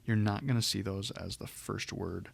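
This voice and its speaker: Male language instructor, gravelly low voice, patient step-by-step lecture delivery. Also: fairly even intonation, moderate pace. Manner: explanatory, with frequent ums and restarts. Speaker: Greek grammar teacher. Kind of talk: recorded lecture walkthrough.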